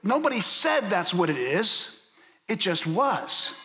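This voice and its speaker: A man's voice: high-pitched, very animated, slow, bright, forceful tone. A man from Pittsburgh preaching a sermon as pastor, telling stories and asking the listeners questions. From Pittsburgh, USA. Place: church sanctuary. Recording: long hall reverb.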